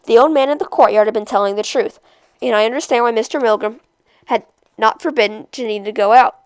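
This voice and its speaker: A woman reading a novel aloud chapter by chapter, in a steady, measured storytelling voice. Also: a little high, clean tone, dry recording. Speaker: storybook reader.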